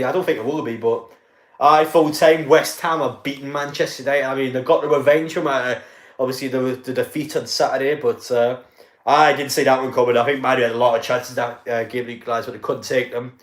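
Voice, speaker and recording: Talking fairly quickly in a steady, middle-pitched voice, a North East England streamer swears, laughs and chats with his audience over a live football game. A desk mic captures him in a room with noticeable echo.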